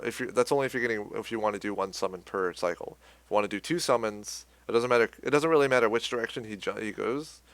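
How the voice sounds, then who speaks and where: A man's voice: lowish voice, vocal fry, no echo. A young man giving a casual, rambling game tutorial, correcting himself as he goes. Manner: laid-back, rambling, self-correcting. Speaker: gaming tutorial host. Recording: loud game music behind the voice.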